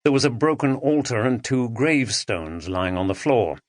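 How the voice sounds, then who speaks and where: A man narrating an audiobook thriller, expressive and dramatic, on a close studio mic. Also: medium pitch, moderate pace, dry recording. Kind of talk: scripted narration.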